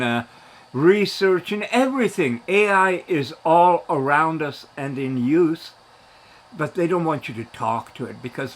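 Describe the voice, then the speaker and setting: A man in his seventies talking in a rambling, animated way in a casual monologue, his voice jumping up when he gets excited. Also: fairly high pitch, slight background noise. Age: 70s. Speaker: vlogger.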